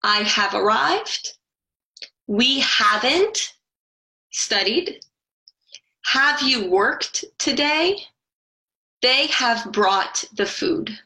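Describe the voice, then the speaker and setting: Woman teacher, unhurried, careful step-by-step explanations for a recorded lesson. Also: on the high side, lively intonation, bright, forceful tone, poor audio. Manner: slow, careful explanations with spelled-out letters. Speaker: Spanish teacher. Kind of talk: online grammar lesson.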